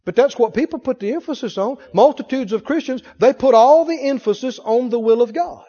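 High-voiced man preaching a sermon. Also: mellow. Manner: asks the congregation rapid questions. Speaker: pastor. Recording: dull recording in a reverberant hall.

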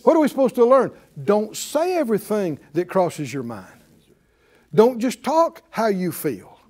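Male pastor preaching, high voice with big swings in pitch, asks rhetorical questions, alternates loud and quiet. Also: sing-song, unhurried. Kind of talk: sermon.

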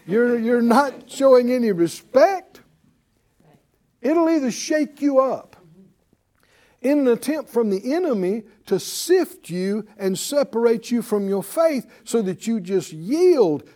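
A man teaching a Bible class as a sermon, animated and calling out to his class. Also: very high voice, takes it slowly. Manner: animated, addresses the class, acts out panicked voices.

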